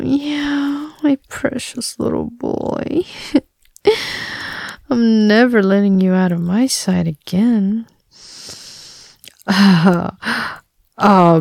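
A young woman acting as a possessive, domineering captor in a whispered role-play, with slow teasing talk, soft laughs and hums. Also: a little high, vocal fry, dry recording, studio quality, exaggerated voice.

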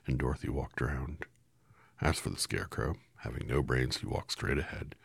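A man reads a storybook aloud in a casual manner, correcting small slips as he goes. His voice is extremely deep and gravelly with a husky texture. The sound is dry and close. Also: dry recording. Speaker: reader.

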